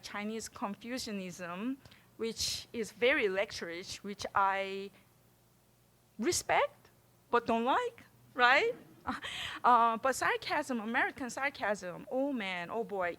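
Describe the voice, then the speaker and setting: A middle-aged woman from Korea with a Korean accent, giving a public artist talk in an animated, chatty way and laughing often. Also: a little high. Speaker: visiting artist.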